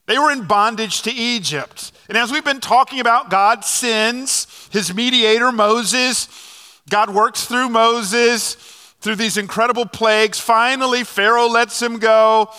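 Animated preacher in a reverberant hall. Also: male voice, extremely high pitch, unhurried, smooth. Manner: animated storytelling with fillers and restarts. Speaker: pastor. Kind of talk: sermon.

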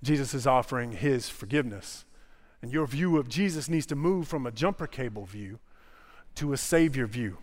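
A pastor preaching a sermon in a church, building to impassioned repeated phrases. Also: male voice, medium pitch, expressive, normal speed, long reverb tail. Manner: impassioned, repetitive preaching cadence. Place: church sanctuary.

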